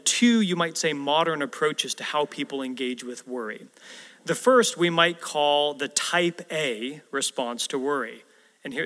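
A man preaches a sermon with an easy, conversational delivery, often turning to the congregation with rhetorical questions. His voice sits a little high for a man. A long reverb from the large church hall hangs on every phrase. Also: fairly bright tone. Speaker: pastor.

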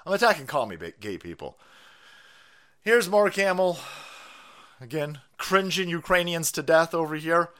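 Excitable ranting man, lively pitch. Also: normal speed, long pauses, smooth. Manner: profane, mocking, excitable, laughs often. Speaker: live-stream host. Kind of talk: ranting live-stream commentary.

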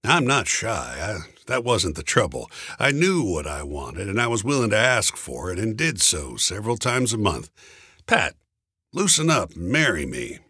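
Man, deep husky voice, lively swooping delivery, wry first-person storyteller. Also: normal speed, few pauses, no room sound, clean studio sound. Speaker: narrator. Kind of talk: first-person audiobook narration.

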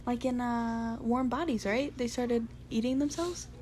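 A woman's voice: on the high side, measured pace, darkish tone, a little hiss or hum. A young woman co-hosting a casual movie podcast, recorded on a phone at home, teasing and laughing often as she swears. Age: young adult. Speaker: podcast co-host. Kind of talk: casual chat.

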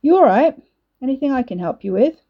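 A woman voicing a gruff, cocky young man with a laid-back, cheeky manner. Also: high voice, lively intonation, fairly quick, dull audio, voice pushed up.

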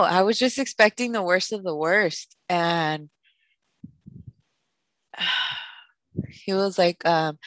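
A woman's voice: fairly low pitch, slow, pauses often, fairly bright tone, no echo. A woman, co-hosting a podcast and telling a painful personal story with candid emotion, slipping phrases into her English. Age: late 20s. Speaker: podcast co-host.

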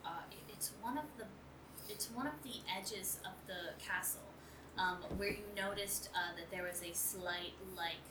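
A woman's voice: on the low side, normal speed. Woman game master, rambling narration, filler-heavy; roomy, noisy, distant recording.

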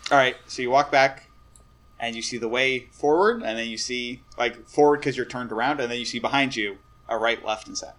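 A man's voice: medium pitch, fairly quick, fairly bright tone. A man narrating a tabletop game as game master, in a casual, rambling way.

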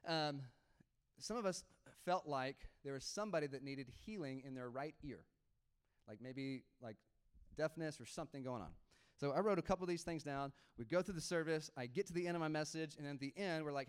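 A young adult man, a pastor, telling a story in a sermon in a casual, animated way with laughs and quoted dialogue. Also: fairly high pitch, brisk, smooth.

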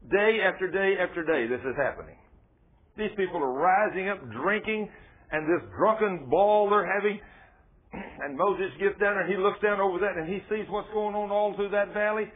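A man's voice: high voice, breathy edge. A man preaching a sermon in a folksy, emphatic way, full of rhetorical questions. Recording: tinny phone-like radio broadcast.

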